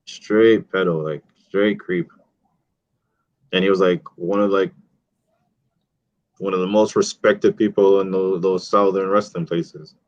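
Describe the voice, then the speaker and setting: A man's voice: low voice, steady tone, measured pace, long pauses, darkish tone. A man hosting a casual podcast, telling loose profane stories full of fillers. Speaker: podcast host. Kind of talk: casual chat. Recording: dull, dry, lo-fi audio.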